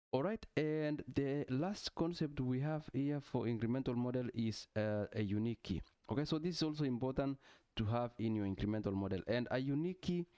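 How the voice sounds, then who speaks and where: A man teaches a data tool over screen share, laying out each step patiently and checking in with an "okay" again and again. His voice is smooth and clear at an ordinary pitch. The sound is dry and close, with no room echo. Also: a little mellow. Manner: explanatory, frequent "okay" and "uh" fillers. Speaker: tutorial instructor. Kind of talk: screen-share tech tutorial.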